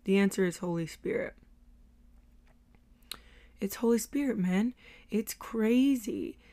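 A woman speaks in a devotional teaching talk. Her voice sits at an ordinary middle pitch, and she takes her time. She is earnest and a little hesitant, pausing on soft filler sounds as she gathers her thoughts. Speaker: Christian teacher.

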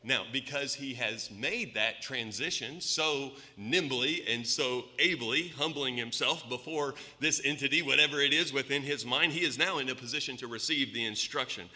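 An American man preaching a sermon in a church, emphatic, asking rhetorical questions, his voice swinging between loud and soft. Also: medium pitch, moderate pace, few pauses. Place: church sanctuary. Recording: long reverb of a church hall.

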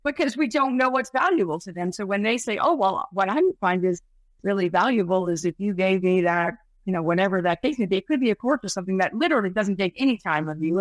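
A woman's voice: medium pitch, no room sound. Woman host asking follow-up questions. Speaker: podcast host. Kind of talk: podcast interview.

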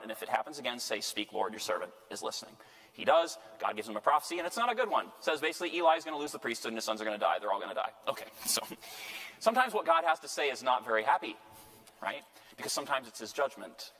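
A man's voice: medium pitch, fairly bright tone. A man, a priest, teaching a Bible class in a conversational way, often asking the group questions and checking in with "right?". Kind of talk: parish lecture on scripture. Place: church hall. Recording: long hall reverb.

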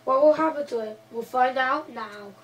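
A woman's voice: high-pitched, moderate pace, distant mic, poor audio. A woman hosting and playing her part in a casual game role-play, hesitant, with frequent restarts and playful groaning. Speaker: host and role-player.

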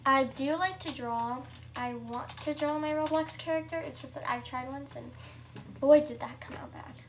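A young girl giving casual, chatty commentary over her own gameplay at home, excitable and shrieking at surprises. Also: high voice, normal speed, distant mic. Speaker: gameplay vlogger.

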